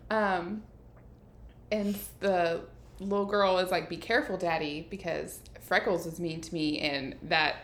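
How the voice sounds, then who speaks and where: A woman's voice: on the low side, steady tone, a little slow, fairly bright tone, roomy sound. A woman co-hosting a podcast, casually retelling an episode and acting out the characters' lines with frequent laughter. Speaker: podcast co-host recapping an episode. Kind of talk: casual chat.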